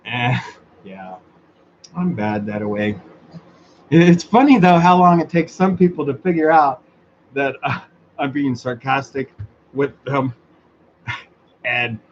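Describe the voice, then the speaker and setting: A man's voice: medium pitch, expressive, measured pace, long pauses. A man hosting a casual talk show, speaking sarcastically, swearing freely and laughing often. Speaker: host of a motorized bicycle talk show. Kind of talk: casual solo chat. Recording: dull lo-fi sound with faint background noise.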